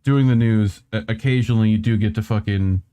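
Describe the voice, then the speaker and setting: A man's voice: fairly low pitch, fairly even intonation, dark tone, clear, resonant tone. A man hosting a casual chat show, reacting to funny videos, swearing a lot and laughing often. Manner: swears constantly, laughs often, slow drawl. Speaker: podcast host.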